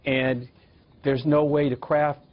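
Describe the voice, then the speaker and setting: A man on a TV panel, explaining campaign strategy in a measured way with some restarts. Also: medium pitch, flat delivery, lo-fi sound. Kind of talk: TV panel discussion.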